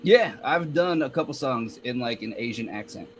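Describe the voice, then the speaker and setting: A man's voice: medium pitch, expressive, moderate pace, a little hiss or hum, low-quality recording. A male guest in a casual interview who tells easygoing stories and often laughs. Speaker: guest, rapper.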